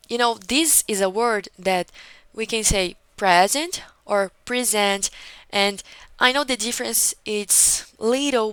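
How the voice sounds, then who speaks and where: A woman's voice: medium pitch, fairly bright tone, clean tone, dry recording, rough recording. A woman teaching an English conversation class over a video call, patiently correcting a student and often checking in with "okay?". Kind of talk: one-on-one online class feedback.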